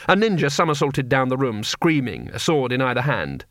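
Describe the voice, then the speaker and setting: Male storyteller, expressive, rising and falling tone, slightly higher voice, dry close sound. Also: normal speed, few pauses, no echo. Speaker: audiobook narrator. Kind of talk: scripted narration.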